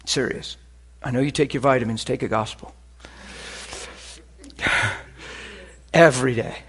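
A man preaching a sermon, animated and full of stories, moving between loud exclamations and quiet, hushed asides. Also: medium pitch, unhurried, husky.

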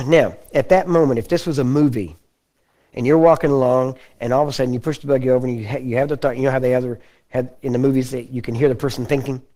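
A man with a Texan accent preaching a folksy, conversational sermon and often clearing his throat. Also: medium pitch, steady tone, quick pace, mellow. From Texas.

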